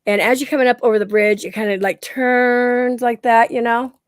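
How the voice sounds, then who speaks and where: A woman's voice: a little high, little pitch movement, moderate pace, dry recording, clean studio sound. A middle-aged woman telling a story in a casual chat at home, acting out the quoted lines and laughing often. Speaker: guest.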